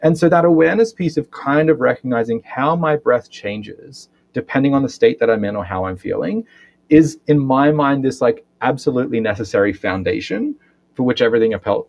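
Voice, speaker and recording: The sound is lo-fi, and the man's medium-pitched voice has a creaky quality. He works as a physiotherapist and breathwork educator, and in this podcast interview he explains with animation, often ending with a tag-question "right?".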